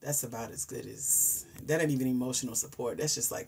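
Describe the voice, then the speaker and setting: A woman, hosting a casual livestream chat, animated and talkative, dropping into hushed asides and rising into loud exclamations. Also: rumbling low, brisk, creaky, a little hiss or hum. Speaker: host.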